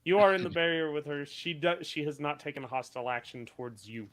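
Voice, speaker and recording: A man running an online tabletop game as game master, his voice sitting a little high for a man. He narrates the action in a relaxed, joking way over a voice call. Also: fast talker.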